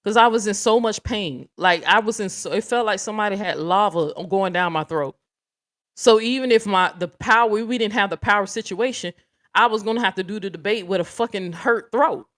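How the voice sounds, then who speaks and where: A woman's voice: medium pitch, a little fast, a bit bright. Blunt, profane woman livestream host. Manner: blunt, profane, talks straight to viewers. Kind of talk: casual livestream commentary reading chat.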